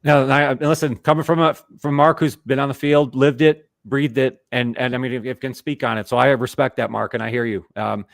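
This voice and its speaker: A man with a gravelly voice hosts the sports talk, recorded dry and close. He affirms the guests and passes the discussion from one to the next. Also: mid-range voice, flat delivery, fairly quick, hardly any pauses, no echo. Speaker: show host.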